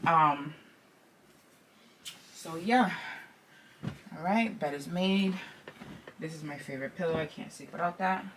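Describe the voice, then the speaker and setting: A stay-at-home mom in her thirties chats casually to camera in a vlog at home, rambling and using slang, sometimes dropping to a whisper while doing chores. Her voice sits low, and background noise can be heard.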